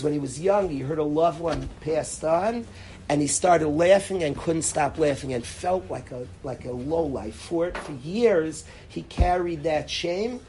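A man's voice: fairly high pitch, a little mellow. A rabbi teaches a live class in a somewhat raised voice, pressing his points with emphatic repetition and frequent restarts. He speaks straight to his students. A faint hiss sits under the recording. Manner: emphatic, repeats words and restarts, addresses students directly. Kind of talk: informal Torah lecture to a live class.

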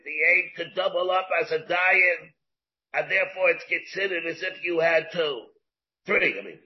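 A man's voice: on the high side, normal speed, muffled recording. A man teaching a Talmud class, arguing through the text aloud in questions and answers.

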